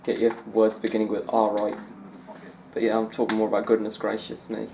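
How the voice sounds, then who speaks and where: Male gaming host, low voice, casual rambling commentary. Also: monotone, a little fast, creaky, a little mellow, echoey room, slight background noise. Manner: rambling, chatty, self-amused, lots of fillers.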